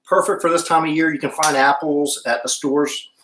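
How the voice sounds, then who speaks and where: A man's voice: on the high side, fairly even intonation, normal speed, fairly bright tone. Chatty male cooking host, roomy echo. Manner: chatty, stops to hum while tasting. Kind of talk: casual live-stream cooking chat.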